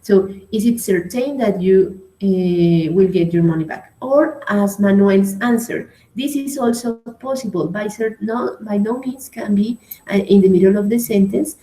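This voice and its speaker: A woman's voice: medium pitch, a little slow, hardly any pauses, warm tone, reverberant, rough recording. A woman teaching an English grammar lesson in a patient manner with a Colombian Spanish accent, praising students by name and checking in often.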